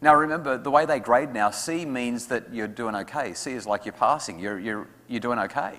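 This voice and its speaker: A man speaking to parents at an evening talk, lively and acting out what his kids say. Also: mid-range voice, normal speed. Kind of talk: talk to an audience with questions. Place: school hall. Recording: hall reverb.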